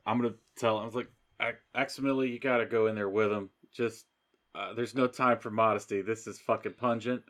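A man's voice: fairly low pitch, fairly even intonation, fairly quick, fairly bright tone. A man playing a tabletop role-playing game, talking in a blunt, exasperated way. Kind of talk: in-character tabletop role-play.

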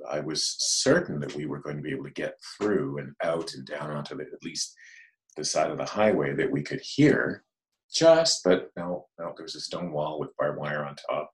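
A man recalling a long walk, halting and thoughtful. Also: very deep voice, lively intonation, rough recording. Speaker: guest. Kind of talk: casual recollection.

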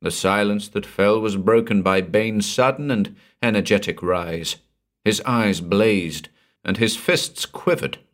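A man reading a pulp horror story aloud as narrator, in an expressive storytelling manner. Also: lowish voice, a little slow.

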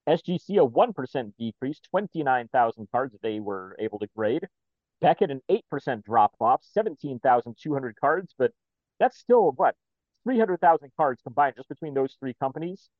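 A man co-hosting a podcast, calmly reading out numbers in casual chat. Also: mid-range voice, moderate pace, dry recording, narrow, tinny audio. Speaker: podcast co-host.

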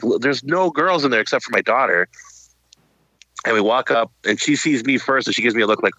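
A middle-aged man co-hosting a podcast, telling an anecdote in relaxed casual chat. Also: mid-range voice, a little fast, no echo, low-quality recording. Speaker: podcast co-host.

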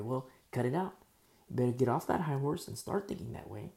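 A man delivers a church sermon with a rough, gravelly edge to his voice. His tone sits warm and dark, and he preaches in an animated way, slipping into the voices of people in the story. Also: mid-range voice, brisk. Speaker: pastor.

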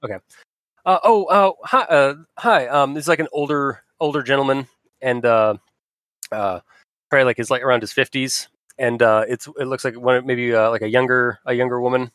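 A man's voice: mid-range voice, fairly even intonation, normal speed, a bit bright, no room sound, clean studio sound. A man running a tabletop game as game master, rambling with many fillers.

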